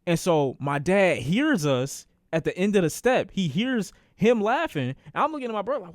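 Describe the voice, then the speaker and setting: A young man with a somewhat high voice tells a storytime on his stream, cursing and circling back over his own lines. The sound is dry and close, with no room around it. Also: moderate pace, hardly any pauses, no room sound. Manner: animated, profane, repeats phrases for emphasis. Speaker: streamer telling a personal story. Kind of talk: casual storytelling.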